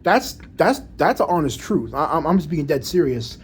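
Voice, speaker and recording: Man, fairly high voice, proper diction, restarts often, casual vlog monologue with faint noise behind. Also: animated, moderate pace. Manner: frequent restarts and repeated words. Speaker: vlogger.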